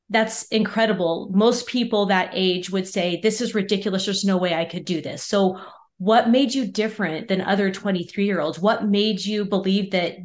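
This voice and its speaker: A woman hosting an interview, encouraging and curious as she asks her guest questions. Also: mid-range voice. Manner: encouraging, inquisitive. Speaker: interview host. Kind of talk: podcast interview.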